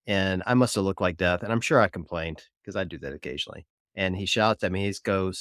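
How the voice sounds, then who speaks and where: A man hosting a podcast tells a gym story in a lowish voice. He gets animated and acts out the lines he shouted. The sound is close and dry. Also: fast talker, smooth, dry recording. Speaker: podcast host. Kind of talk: casual podcast chat, storytelling.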